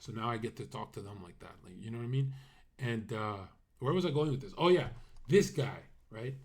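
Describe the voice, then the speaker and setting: A man's voice: mid-range voice, expressive, brisk, a little mellow. Brash rambling male streamer. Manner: rambling, brash, with many fillers and trailing-off asides. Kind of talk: casual livestream monologue.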